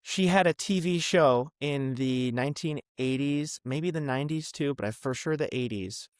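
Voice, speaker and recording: A young man from the Midwest, a podcast guest chatting casually about his past with lots of ums and quick asides. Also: mid-range voice, clean tone, no echo, studio quality. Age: young adult. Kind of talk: casual interview chat.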